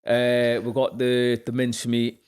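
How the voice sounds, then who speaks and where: A man's voice: mid-range voice, completely flat delivery, a little mellow, clean tone. A man, a guest on a podcast, chatting casually in an easygoing, agreeable way. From Newcastle, England. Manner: easygoing, agreeable, quick to laugh. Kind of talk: casual chat.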